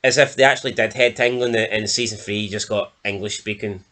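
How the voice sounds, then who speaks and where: A man's voice: lowish voice, steady tone, fast, sharp tone. A Scottish man giving a blunt, sweary, mocking TV review in casual chat. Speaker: show reviewer.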